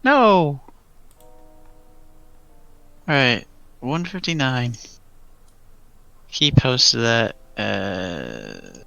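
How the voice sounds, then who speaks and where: Deep gravelly young man, animated. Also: extremely slow, pauses often, no room sound, muffled recording. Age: late teens. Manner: animated, jumps to high squeaky pitch when excited. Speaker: streamer. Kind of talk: casual chat while drawing. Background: chill music.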